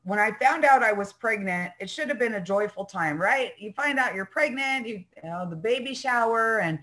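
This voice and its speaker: A middle-aged woman telling her own recovery story as a heartfelt personal testimony, halting, with fillers and restarts. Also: deep voice, low-quality recording. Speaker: speaker sharing recovery story.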